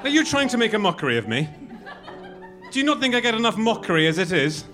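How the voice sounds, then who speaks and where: A man's voice: high voice, sing-song, quick pace, sharp tone, soft background music, heavily acted. A man playing an old one-eyed prison warden in a live comedy reading, with a put-on thick Turkish accent and a menacing, smutty manner. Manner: menacing, then gleefully smutty.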